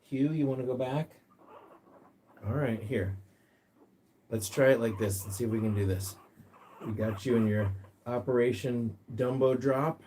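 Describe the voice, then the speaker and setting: A man hosting a casual livestream, chatting and reading viewer comments aloud, sometimes jumping into a high sing-song voice to coax his pet bird. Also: a little slow, pauses often, dark tone, slight background noise. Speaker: pet rescue livestream host.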